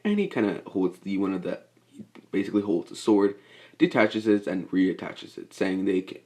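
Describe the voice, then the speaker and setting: A man's voice: deep voice, expressive, normal speed, a little mellow. A young man improvising a fan-made story, rambling and restarting with lots of fillers. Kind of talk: improvised fan-fiction narration.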